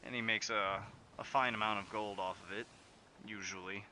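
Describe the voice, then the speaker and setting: A man's voice: on the low side, fairly even intonation, normal speed, pushed and bright, a little hiss or hum. A man doing a hearty, friendly sailor. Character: jovial adult male sailor, friendly deckhand.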